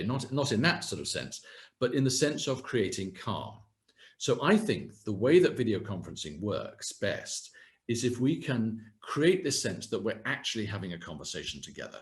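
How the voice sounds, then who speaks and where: A man gives a coaching talk over a video call. His voice sits fairly low but rises and falls freely. He talks gently, often circling back to restart a phrase. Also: normal speed. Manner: gentle and lively, with frequent restarts. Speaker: communication coach. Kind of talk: webinar talk on video calls.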